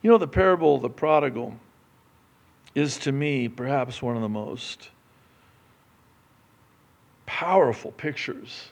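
A man's voice: medium pitch, a little slow, gravelly, pauses often. A man from the Middle East preaching a sermon with passion, acting out the story in character voices. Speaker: pastor.

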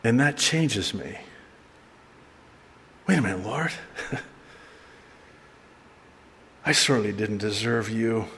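A middle-aged male pastor giving a conversational, animated sermon with asides and laughter. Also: on the low side, breathy edge, big-room sound. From raised by an Arab mother.

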